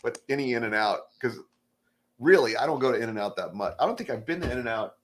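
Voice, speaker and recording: The comedian, middle-aged and relaxed, tells podcast stories briskly at a medium pitch, playing all the characters' voices as he goes.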